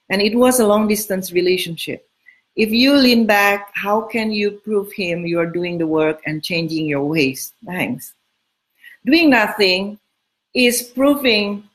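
Middle-aged female dating coach, casual, frank and emphatic, medium pitch. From Southern California home. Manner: frank, emphatic, repeats key words. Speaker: dating coach answering listener questions. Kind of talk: casual advice talk.

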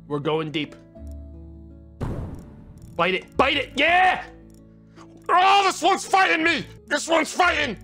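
A man streaming a fishing game, chatting to his viewers, swearing and shouting in frustration and excitement. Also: on the high side. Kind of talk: gaming livestream commentary.

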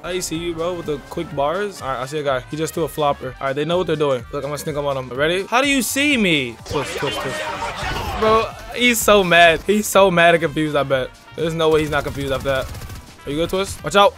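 Fast-talking hyped young gamer guy. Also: on the high side, over music. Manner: hyped, fast trash talk with friend. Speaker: gaming YouTuber. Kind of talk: live gameplay commentary.

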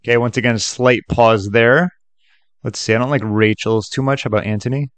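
A man's voice: mid-range voice, fairly even intonation, a little fast, fairly bright tone, no echo. A man hosting a casual tutorial, talking loosely with lots of "like" and "okay" as he tests sample clips. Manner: loose and chatty, many fillers like "like" and "okay". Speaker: tutorial host. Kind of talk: casual screen-recorded tutorial.

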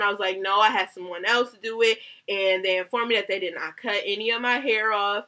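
Bright-voiced woman telling a heated storytime. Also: mid-range voice, a little fast, hardly any pauses. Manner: heated, swearing, animated retelling. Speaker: hairstylist vlogger. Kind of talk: casual storytime rant.

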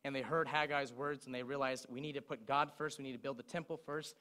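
A man's voice: medium pitch, fast. A young man preaching a sermon, retelling song lyrics as he speaks. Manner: recites song lyrics in a speaking voice, lively storytelling.

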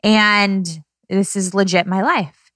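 Woman, 30s, podcast host, teary and effusive, mid-pitched, dry studio sound. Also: flat delivery, takes it slowly, fairly bright tone, no room sound. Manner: heartfelt, tearful, effusive. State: close to tears. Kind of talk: emotional casual podcast talk.

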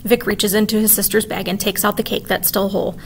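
A woman teacher reading a children's chapter book aloud in an expressive, animated way. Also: medium pitch, fast, gravelly, a little hiss or hum.

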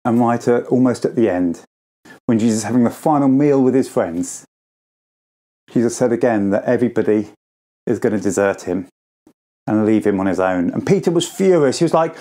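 A man speaking at a school assembly, retelling a story to children in a casual way and jumping his pitch up to act out the quoted lines. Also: animated, moderate pace, warm tone. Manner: informal, acts out quoted lines with pitch jumps.

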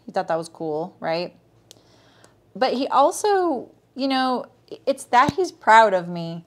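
A woman's voice: a little high, very animated, slow. Chatty woman hosting a live sewing lesson. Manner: chatty, greets viewers by name, often asks "right?". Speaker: sewing teacher and livestream host. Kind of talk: casual live sewing tutorial.

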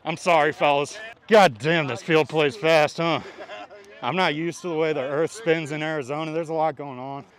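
A man's voice: fairly high pitch, normal speed. A young man on an outdoor ball field giving self-mocking, joking vlog commentary with plenty of swearing. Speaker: baseball player and vlogger.

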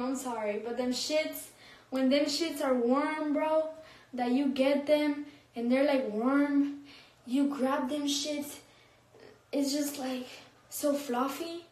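A woman's voice: high-pitched, darkish tone, roomy sound. Giggly young woman on a livestream. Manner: giggly, slangy, laughs often. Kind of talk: casual livestream chat reading comments. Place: room, recording a phone livestream. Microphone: phone.

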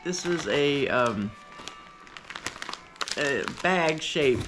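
A woman hosting a casual unboxing vlog, talking in a gushing, excitable way. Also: low voice, very slow, music in the background. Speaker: vlogger host. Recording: paper crinkling and clicks behind.

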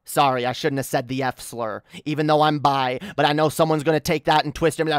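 A woman's voice: a bass voice, steady tone, fast talker, few pauses, smooth, no room sound, clean studio sound. A woman livestreaming an angry rant, annoyed and swearing a lot, often stammering and restarting her sentences. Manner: profane, heated, stammering restarts.

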